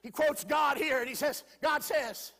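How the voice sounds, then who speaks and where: A man with a very high, gravelly voice preaches with a bright, sharp edge, shouting his lines in a rolling sermon cadence. He is heard in a large church hall where the reverb rings on. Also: steady tone, unhurried. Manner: shouting preaching cadence, drops to quiet storytelling. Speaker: guest preacher. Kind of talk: Pentecostal sermon.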